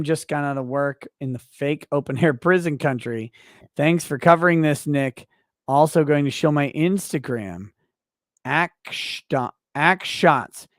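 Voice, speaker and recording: Loud, profane man ranting on a livestream. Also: a little high, no room sound, studio quality. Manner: loud, profane, ranting, swings between shouting and muttering. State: tipsy. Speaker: livestream host reading viewer donations. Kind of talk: casual livestream chat.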